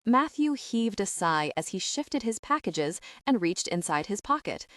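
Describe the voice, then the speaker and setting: A woman's voice: medium pitch, very animated, unhurried, dry recording, clean studio sound. Woman narrating a romance audiobook. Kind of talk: scripted narration.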